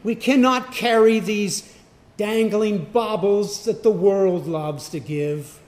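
A man preaching a sermon, emphatic, swinging from loud declarations to hushed asides. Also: high voice, slow. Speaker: pastor.

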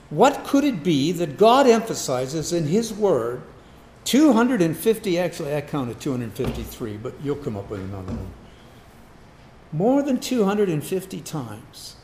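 A man's voice: fairly high pitch, darkish tone, a little hiss or hum. A man preaching a Sunday morning sermon, asking the congregation rhetorical questions and repeating key words for emphasis. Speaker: pastor. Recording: echoey room.

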